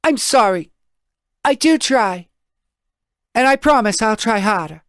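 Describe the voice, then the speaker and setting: A man's voice: high-pitched, lively intonation, a little slow, a bit bright, dry recording, clean studio sound, pitched above the performer's own voice, heavily acted. A man voicing a snappy insecure young woman. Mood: apologetic. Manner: snappy, defensive. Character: insecure hot-tempered young woman, girlfriend. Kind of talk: audiobook reading.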